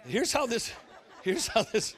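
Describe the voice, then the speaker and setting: A pastor preaching a sermon, telling funny stories bluntly and acting out the voices of the people in them. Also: male voice, extremely high pitch, very animated, unhurried, a faint crowd. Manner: humorous storytelling, acting out quoted voices; blunt and folksy.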